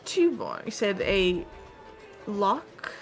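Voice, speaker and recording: A woman voicing a proud, wary male ship captain who speaks in a measured, formal way. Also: mid-range voice, very animated, faint music behind, heavily acted. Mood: stern. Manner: measured, formal, deliberate speech.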